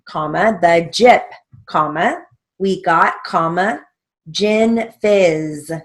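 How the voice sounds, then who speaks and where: A woman teaching a steno theory lesson, patiently spelling out words letter by letter and checking in with "okay?". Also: fairly low pitch. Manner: slow, patient, letter-by-letter dictation with frequent "okay?" check-ins.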